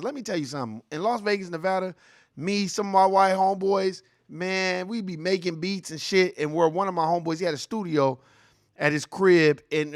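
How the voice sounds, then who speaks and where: A man's voice: fairly high pitch, a bit bright, dry recording, clean studio sound. A man in his forties hosting a ranting reaction commentary, profane, heated and mocking. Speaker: host.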